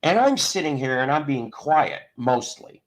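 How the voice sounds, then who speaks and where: A middle-aged man hosts a live stream show in casual chat, rambling through stories and frequently restarting. His voice is medium-pitched with big pitch swings, at a measured pace.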